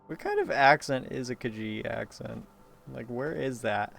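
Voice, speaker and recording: A man's voice: medium pitch, creaky, a bit bright, faint music behind. A man giving casual, rambling gameplay commentary, joking and swearing freely. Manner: rambling, joking, profane, quick to laugh. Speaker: streamer playing a game.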